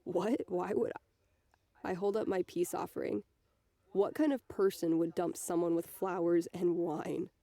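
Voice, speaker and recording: A woman reading a novel aloud in the first person, softly voicing the dialogue as she goes. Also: on the low side, steady tone, moderate pace, dry recording. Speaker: reader.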